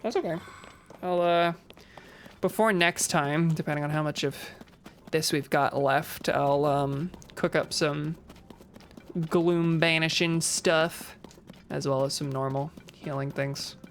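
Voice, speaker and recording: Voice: medium pitch, steady tone, slow pace, slight background noise. A game streamer giving casual gameplay commentary, rambling, restarting sentences and chuckling often.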